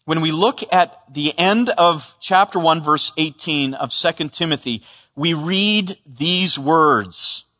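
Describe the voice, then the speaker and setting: A man preaching to a congregation in a big church sanctuary, and his bright, forceful voice rings out with a long hall reverb. He speaks in a fairly high register, earnest and emphatic, often doubling back over a word before pressing on. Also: slow pace. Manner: earnest, emphatic, with frequent restarts and repeated words. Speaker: pastor. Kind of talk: expository sermon.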